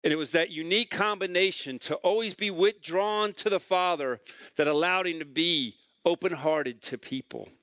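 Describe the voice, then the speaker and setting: Higher-voiced man preaching a sermon. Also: normal speed, fairly bright tone, no room sound. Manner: conversational storytelling preacher, repeats phrases for emphasis. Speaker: pastor.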